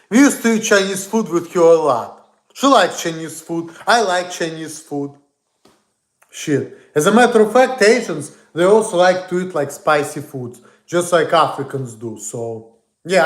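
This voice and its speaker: A man's voice: on the high side, echoey room. A man ranting in a blunt, profane, rambling way on a casual livestream. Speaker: streamer.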